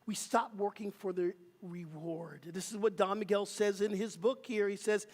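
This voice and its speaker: Minister preaching in a big echoey church, middle pitch, call and response with the crowd. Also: steady tone, normal speed, a little mellow. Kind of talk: sermon. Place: church sanctuary.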